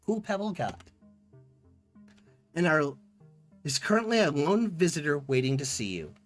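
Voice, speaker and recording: A man streaming a text strategy game live, reading its text aloud with playful, quick reactions. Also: fairly high pitch, very animated, soft background music.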